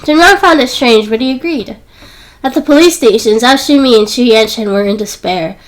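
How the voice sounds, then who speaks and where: A woman's voice: on the high side, moderate pace, low-quality recording. A woman reading a romance novel aloud as an audiobook narrator, raising her voice for the quoted characters. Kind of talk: scripted narration.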